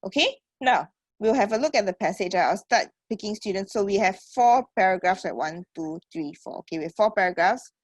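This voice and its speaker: A woman's voice: mid-range voice, animated, a little fast, no echo. A woman with a Singaporean accent teaching an online English class on a computer mic. She encourages her students, calls them sweetheart, and keeps checking in with "okay" and "right?".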